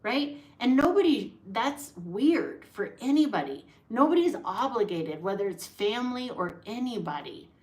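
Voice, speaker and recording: A woman who teaches acting talks straight to her viewers in a loose, chatty vlog. She leans on her points with emphasis and keeps checking in with a quick "right?". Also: a little high, expressive, darkish tone. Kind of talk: casual talking-to-camera vlog.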